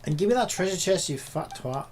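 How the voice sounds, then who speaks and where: A man's voice: sits high, expressive, a little fast, darkish tone, slight background noise. A man streaming a game, ranting at it in sarcastic, profane commentary.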